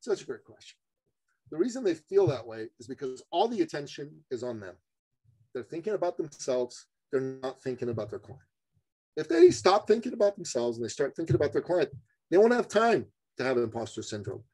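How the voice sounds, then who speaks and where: High-voiced emphatic man, punchy delivery. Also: big pitch swings, fairly quick, a little mellow. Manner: emphatic, acts out both sides of conversations; punchy, repeats phrases for emphasis. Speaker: guest sales coach. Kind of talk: animated podcast storytelling.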